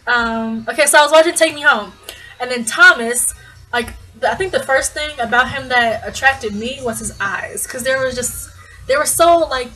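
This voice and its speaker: A woman's voice: high-pitched, normal speed, sharp tone, faint music behind, poor audio. A young woman vlogging casually, telling a story in a bubbly, gushing way with lots of restarts. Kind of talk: casual fan vlog storytelling.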